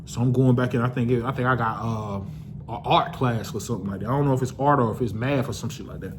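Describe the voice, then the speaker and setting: A man's voice: medium pitch, fast, background noise. A young man casually telling a personal story to the camera, loose and profane, with lots of restarts.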